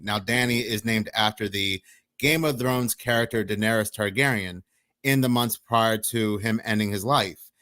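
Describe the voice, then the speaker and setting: A man's voice: mid-range voice, a bit bright, no echo, clean studio sound. A man hosting a news commentary channel, reading articles and chat logs aloud in a plain voice.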